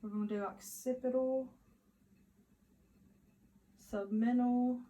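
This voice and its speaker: A nursing student with a slightly high voice performs a physical exam, narrating it slowly as a demonstration. She gives steady, instructive, step-by-step directions. The room is echoey, with faint ambient sound.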